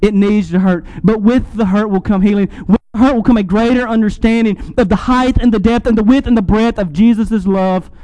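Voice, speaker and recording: A man's voice: high voice, steady tone, fairly quick, few pauses, dark tone, rough recording. A man preaching a sermon in an earnest way, rising and dropping sharply for emphasis.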